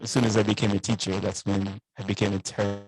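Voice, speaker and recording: Speaking fast and flat in a lowish voice, a man guests on a podcast over video call from a school studio, where he teaches. The chat is casual and laid-back, he says "man" a lot, and the recording is rough.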